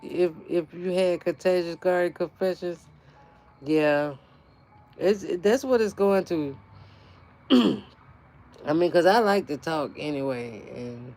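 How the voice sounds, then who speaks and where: A woman talks loosely to her viewers in an unscripted livestream, breaking into laughter again and again. Her speech is blunt and full of profanity, animated and offhand. She is a gardening channel host just chatting. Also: fairly low pitch. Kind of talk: casual livestream chat.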